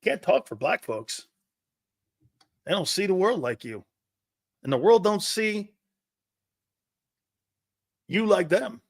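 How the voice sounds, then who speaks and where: Man, middle-aged, sports talk host, loud storytelling, fairly high voice, dry sound. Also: no room sound. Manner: brash, loud storyteller who acts out quotes.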